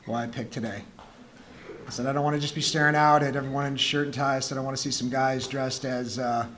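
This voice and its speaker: A man, a high school teacher, telling a humorous personal story to students in a school gym, acting out the dialogue. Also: fast, a little hiss or hum. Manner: joking, animated storyteller who acts out dialogue.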